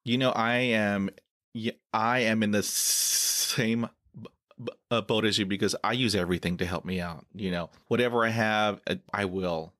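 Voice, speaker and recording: A man hosting an interview, talking with a stutter, with frequent repeated sounds and easy laughter. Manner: stutters with blocks and repetitions, laughs often; slow, animated, pitch jumps when laughing. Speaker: podcast host. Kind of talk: conversational interview.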